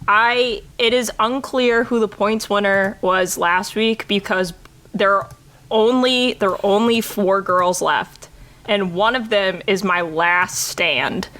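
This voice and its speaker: A woman's voice: medium pitch, slow pace, a bit bright. Chatty woman podcast co-host. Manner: chatty, laughing, frequent "like". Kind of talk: casual chat.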